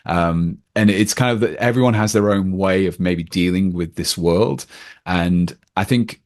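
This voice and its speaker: A man's voice: sits low, measured pace, darkish tone. A man talking casually about a film as a podcast guest, with lots of fillers and restarts. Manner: rambling, many fillers and restarts.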